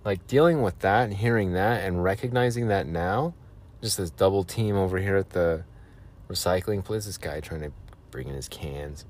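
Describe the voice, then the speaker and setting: Low-voiced guy ranting on his podcast, sarcastic, rambles and trails off. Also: normal speed, a little mellow, a little hiss or hum. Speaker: podcast host. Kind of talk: rambling solo podcast monologue.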